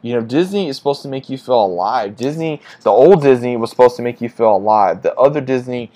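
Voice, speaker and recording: A man talking straight to his viewers in a casual movie review. He is blunt and fed up, and he keeps circling back to the same complaints. His voice sits at an ordinary middle pitch. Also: lively intonation, a little fast, mellow. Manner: frustrated, blunt, repetitive complaints.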